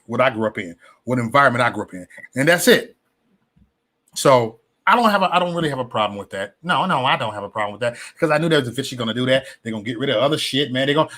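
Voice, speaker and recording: A man talking casually about politics and faith, animated and preachy, with many restarts and slangy asides. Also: a little high. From West Side of Chicago. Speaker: political commentator. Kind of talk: casual opinion vlog.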